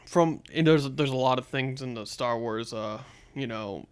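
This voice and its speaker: A young man talks casually as a podcast co-host, sitting at a middle pitch. He rambles, doubling back and filling gaps with ums and likes. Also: normal speed, clear, resonant tone. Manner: rambling, many fillers and restarts. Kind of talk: casual chat.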